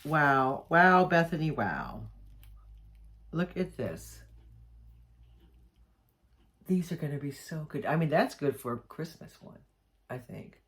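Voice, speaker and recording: A woman chatting excitedly as she unboxes jewelry, gushing and often restarting her sentences. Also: low-pitched, slow pace, long pauses. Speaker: jewelry maker unboxing mail. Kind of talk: casual unboxing vlog chat.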